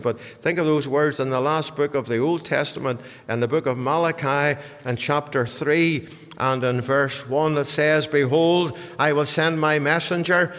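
A man preaching a sermon, swinging from hushed passages to loud, high bursts and repeating words as he builds up. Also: in a large hall.

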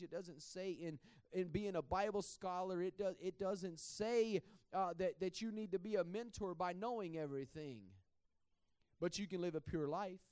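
High-voiced preacher, chatty and dry. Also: male voice, a little mellow, clear, resonant tone, dry recording. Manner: conversational, repeats words, laughs at himself. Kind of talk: sermon.

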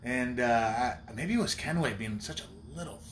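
A man's voice: medium pitch, animated, moderate pace. A man and podcast co-host in casual banter, crude and teasing. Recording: roomy room with faint hiss.

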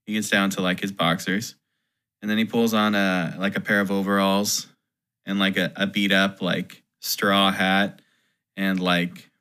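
A man's voice: low voice, level tone, unhurried, sharp tone, clear, resonant tone. A man, a touring musician, telling a story in casual podcast chat, rambling and full of "like". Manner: rambling, heavy use of "like".

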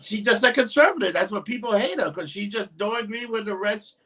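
A man's voice: sits high, expressive, brisk, pushed and bright, distant mic. A man with a New York accent co-hosting a casual chat show, blunt and profane, laughing often. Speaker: podcast host.

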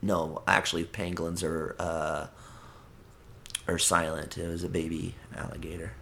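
A man with a lowish voice talks casually as a podcast guest. He rambles, swears freely and keeps restarting his sentences. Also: level tone, moderate pace, vocal fry, bright, forceful tone, a little hiss or hum. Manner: rambling and profane, with frequent restarts. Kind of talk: casual chat.

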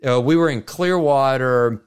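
A man's voice: mid-range voice, unhurried, smooth. A man co-hosting a podcast in casual chat, telling stories in a rambling way with many asides and restarts. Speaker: podcast co-host.

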